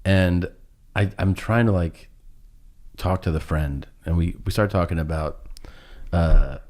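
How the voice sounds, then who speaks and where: A man's voice: low-pitched, measured pace, darkish tone. A man telling a long rambling anecdote on a podcast, laughing at himself as he goes. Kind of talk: casual storytelling.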